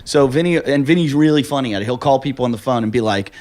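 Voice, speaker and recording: A man telling a story at easy conversational pitch, loud and lively when he acts out quoted voices. He is hosting a casual podcast chat and swearing freely. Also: fast. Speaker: podcast host.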